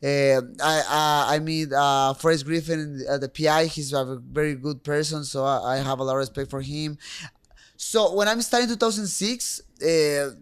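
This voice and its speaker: A young man from Mexico whose first language is Spanish, speaking English with a Mexican accent. His voice sits a little high and sounds smooth and resonant. He talks in stops and starts, circling back over his words. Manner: halting, many restarts and fillers. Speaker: guest fighter. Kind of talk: casual interview talk.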